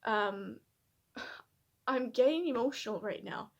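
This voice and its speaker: A woman vlogger talking candidly and reflectively to her camera, hesitant and soft-spoken, with many fillers and restarts. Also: fairly high pitch, measured pace. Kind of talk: personal reflective vlog.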